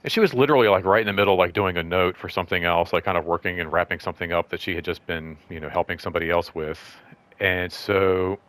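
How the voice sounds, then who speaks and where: A man hosting his own show, telling a story in a loose, rambling way, full of fillers, and acting out quoted lines in a higher voice. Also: quick pace, a bit bright, no echo. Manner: rambling, full of "like" and "you know"; acts out quoted speech in raised voice. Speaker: show host. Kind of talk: casual storytelling vlog.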